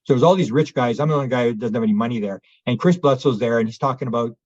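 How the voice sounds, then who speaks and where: Fast-talking husky man. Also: medium pitch, a little mellow, no echo. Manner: fast, rambling, acts out dialogue with restarts. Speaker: guest, UFO researcher. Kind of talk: animated anecdotal storytelling. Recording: dull lo-fi audio.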